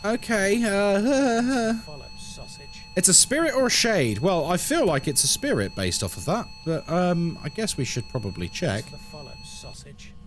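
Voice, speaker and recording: A man from England, live-streaming a horror game in a home room by a busy road, keeps up chatty, jokey, self-deprecating banter with his viewers. His high-pitched voice has a sing-song quality, moving at normal speed with few pauses over faint music.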